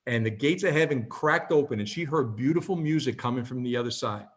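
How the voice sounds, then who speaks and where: Animated man in his fifties telling stories. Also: mid-range voice, brisk. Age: 50s. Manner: animated storyteller, peppers talk with "okay?". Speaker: presenter. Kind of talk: motivational talk with storytelling.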